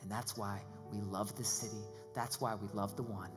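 A man preaches in a large church hall, and his voice carries a long reverb. Music plays clearly beneath him as he swings between loud, excited preaching and hushed prayer. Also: lowish voice, normal speed. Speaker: pastor. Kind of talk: sermon. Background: music playing.

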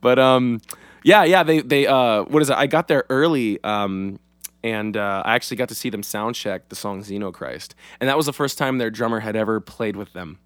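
This casual podcast chat features a young male co-host telling a meandering story packed with fillers and plenty of cursing. He speaks at normal speed with a smooth, medium-pitched voice in a dry recording.

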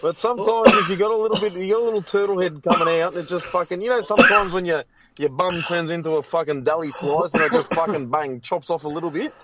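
A man's voice: sits high, quick pace, a crowd in the background. A man with an Australian accent co-hosting a podcast, telling crude stories in casual banter. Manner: crude, jokey storyteller. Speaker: podcast co-host.

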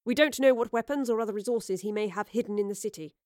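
A woman voicing a dutiful female officer who reports in a formal, crisp military manner, in an audiobook. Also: mid-range voice, quick pace, a little mellow, no echo, studio quality, lightly acted.

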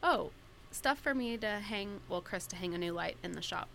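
A woman's voice: fairly low pitch, expressive, normal speed, vocal fry, a bit bright, slight background noise. A woman on a podcast telling a story about a small marital argument, acting out both sides of it in quoted dialogue. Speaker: podcast co-host. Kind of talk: casual chat.

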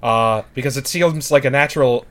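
A man's voice: medium pitch, normal speed. A man co-hosting a casual podcast, teasing his guest and asking questions with a laugh. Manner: teasing, joking, laughing along. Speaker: podcast co-host.

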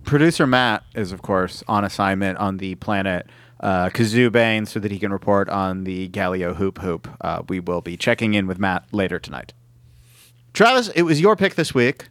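A man hosting a casual podcast chat, playful and quick to laugh, opening the show like an emcee. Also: on the low side, a bit bright, no room sound. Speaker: podcast host.

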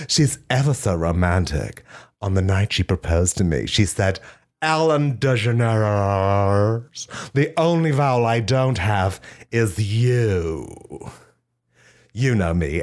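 Male comic, low voice; deadpan absurd monologue with shrill outbursts. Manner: deadpan storytelling with shrill shouted quotes. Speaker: comedian.

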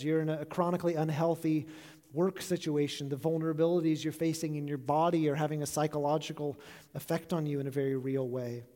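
A man preaching with an earnest, reflective tone, his voice sitting a little high for a man. He lets phrase endings fall soft and quiet. The sound carries a long echo from a large hall. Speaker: pastor. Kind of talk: sermon.

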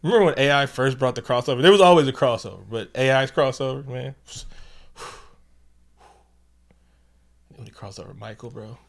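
A man with a mid-range voice talking through a film recap with a friend. He talks in animated, profane bursts and jumps into the characters' lines. His pitch and loudness swing a lot from line to line. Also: a little fast. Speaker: podcast co-host. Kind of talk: casual movie recap chat.

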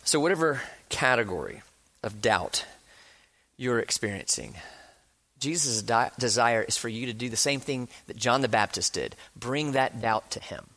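A man preaching a sermon, earnest, shifting between quick bursts and slow hushed emphasis. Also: medium pitch, animated. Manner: earnest, speeds up and slows down, drops to a hush for emphasis; acts out quoted speakers with rising passion. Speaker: pastor.

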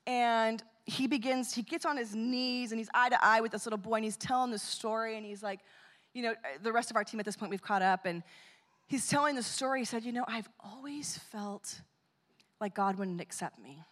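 A woman telling a story in a sermon, animated and acting out the quotes. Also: on the high side, brisk. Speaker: speaker at a church or conference. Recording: long hall reverb.

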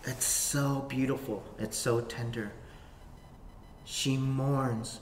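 A man pastor preaching a sermon to a camera, swinging from hushed whispers to sudden shouts. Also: medium pitch, fairly even intonation, takes it slowly. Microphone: facing a camera. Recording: echoey hall, faint room noise.

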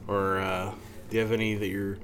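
A man's voice: lowish voice, level tone, fairly quick, fairly bright tone, a little hiss or hum. A man hosting a podcast, chatting casually and giving short encouraging responses. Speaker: podcast host.

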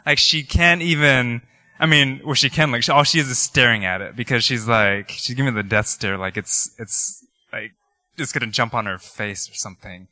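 Man, 30s, pastor, casual storytelling sermon, very bright voice, dry sound. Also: mid-range voice, normal speed, no echo. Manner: conversational, animated storytelling with laughs and filler words. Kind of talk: sermon with personal stories.

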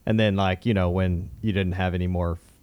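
Low-voiced priest explaining. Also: male voice, steady tone, fairly quick, clean tone, no echo, dull audio. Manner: explanatory, agreeable, with frequent fillers. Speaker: priest and podcast co-host. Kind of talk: casual chat.

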